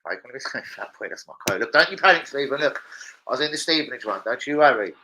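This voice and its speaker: A man's voice: medium pitch, expressive, rapid-fire, pushed and bright, a little hiss or hum, poor audio. A young man chatting casually on a live stream at home, swearing freely and bantering with viewers. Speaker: livestreamer.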